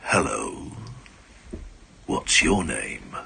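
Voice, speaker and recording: A man doing a slow, deep-voiced tall TV star. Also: sing-song, gravelly, a little hiss or hum, heavily acted. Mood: hushed, kindly. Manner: slow, deep, hushed and gentle. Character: famous tall male TV actor, slow and deep. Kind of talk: impression within a radio anecdote.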